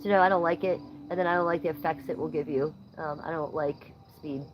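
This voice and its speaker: A woman's voice: low-pitched, fairly even intonation, brisk, dull audio, background noise. A woman from Ohio hosting a casual livestream, reading chat comments outdoors at night, blunt and playfully profane. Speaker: livestream host.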